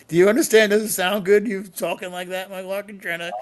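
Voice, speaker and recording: A man's voice: high voice, steady tone, fairly quick. A man co-hosting a podcast in casual banter, teasing and repeating himself to needle his partner. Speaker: podcast co-host.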